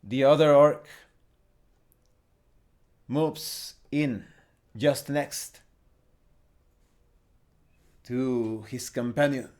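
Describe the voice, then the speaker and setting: A man's voice: medium pitch, very slow, long pauses, darkish tone. A man hosting a solo tabletop game tutorial, explaining the rules and narrating the scene step by step with small restarts. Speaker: host and solo game player.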